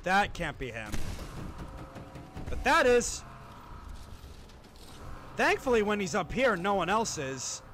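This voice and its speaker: A man streaming a horror game, swearing and reacting out loud as he plays. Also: high-pitched, sing-song, slow pace, long pauses, a little hiss or hum. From United States. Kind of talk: horror game livestream commentary.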